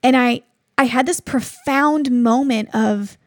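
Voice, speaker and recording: A woman's voice: fairly high pitch, slow pace, no echo, clean studio sound. A woman in her thirties hosting a devotional podcast, telling a personal story in an earnest, reflective way. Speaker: podcast host.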